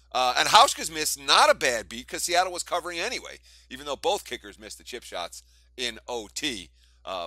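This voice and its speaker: Bright-voiced, chuckling male betting analyst. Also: medium pitch, no echo. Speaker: sports betting analyst co-host. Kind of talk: casual sports betting analysis.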